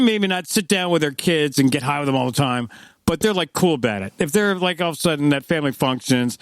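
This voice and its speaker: A man's voice: on the high side, no room sound. A man in his fifties, co-hosting a podcast, tells loose rambling stories in casual chat and acts out the quotes. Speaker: podcast co-host.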